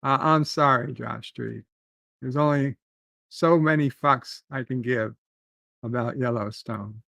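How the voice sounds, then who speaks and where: A man's voice: mid-range voice, measured pace, creaky, sharp tone, dry recording, studio quality. A man hosting a live stream, ranting in a rambling, profane way and answering chat comments.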